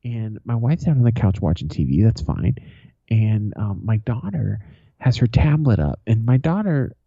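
Husky dark-voiced man telling crude stories. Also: lowish voice, expressive, normal speed, dry recording. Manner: profane, storytelling, laughs often. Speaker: podcast co-host. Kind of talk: crude casual banter. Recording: dull lo-fi, dry.

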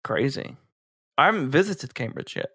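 A man's voice: mid-range voice, sing-song, moderate pace, a bit bright, breathy edge. A man hosting a podcast with an amused, giggly manner. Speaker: podcast host. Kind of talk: casual chat.

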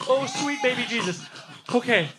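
A man running a comedy party game with excitable, announcer-style banter. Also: very high voice, normal speed, heavy background noise. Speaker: game host guest.

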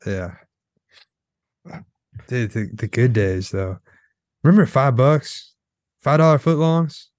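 A man's voice: mid-range voice, animated, takes it slowly, a little mellow, no echo, studio quality. A young man reminiscing in a casual, profane chat with a friend.

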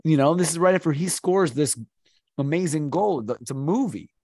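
A man's voice: on the high side, lively intonation, moderate pace, dark tone, no echo, studio quality. A man, a sports play-by-play announcer, talking in a casual podcast chat, earnest and rambling, often restarting his sentences.

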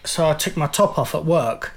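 Chatty middle-aged man with a high voice. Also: moderate pace, gravelly. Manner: chatty, laughs often, rambling. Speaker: podcast co-host. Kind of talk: casual chat.

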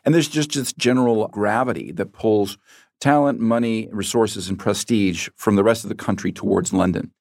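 Low-voiced American man explaining calmly. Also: no echo, studio quality. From United States. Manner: measured, explanatory, with small self-corrections. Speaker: guest expert on accents. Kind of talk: interview answers.

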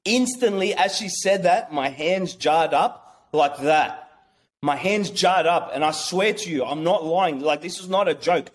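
A man telling a personal story as an interview guest, excitable and rambling, with many restarts. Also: a little high, unhurried. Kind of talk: casual storytelling.

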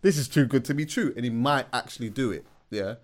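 A man's voice: medium pitch, a little fast, a crowd in the background. A man co-hosting a podcast, explaining his point in chatty casual talk with frequent agreeing interjections. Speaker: podcast co-host.

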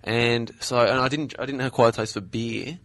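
A man's voice: medium pitch, fairly even intonation, moderate pace, a bit bright, no room sound. A man, a podcast guest, telling a story in a laid-back way with dry asides.

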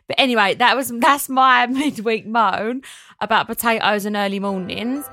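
A woman's voice: a little high, fairly quick, no echo. A woman hosting a casual podcast, chatting animatedly and reading out listener messages. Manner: chatty, animated, laughs often. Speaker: podcast host.

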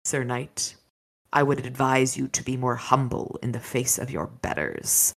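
A woman's voice: deep voice, expressive, a little slow, fairly bright tone, heavily acted. A woman reading aloud as a haughty ancient male dragon in human guise, cool and lordly.

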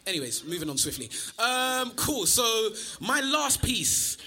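A man's voice: very high voice, big pitch swings, unhurried, bright, forceful tone. A man, a spoken word performer chatting in a rambling, filler-heavy way to a live crowd at a venue with a band. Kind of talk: live stage patter with a crowd.

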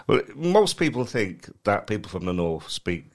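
A man's voice: on the low side, very animated, moderate pace. An English man co-hosting a casual comedy podcast, teasing and cheeky with mocking jokes. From England. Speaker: co-host.

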